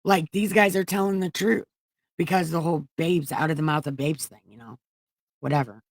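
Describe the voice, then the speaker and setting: Her voice is deep and fairly even in intonation, moving at normal speed in a dry, studio-quality recording. Reading the Bible for comedy, she drops in profane, mocking commentary and keeps interrupting herself with a loose, rambling delivery.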